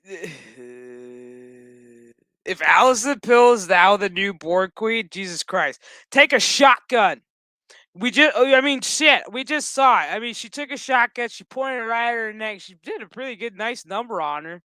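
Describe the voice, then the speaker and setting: A man rambles through a casual, profane episode recap full of sarcastic asides. His voice is bright and crisp. It is picked up close and dry. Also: sits high, animated, unhurried, no echo. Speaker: show recap host.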